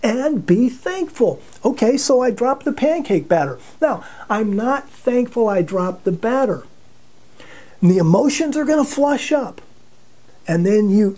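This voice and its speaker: A man's voice: sits high, mellow. A man giving a Bible teaching in a chatty storytelling way, often chuckling and repeating words as he restarts. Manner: conversational storytelling with frequent chuckles. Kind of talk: sermon teaching.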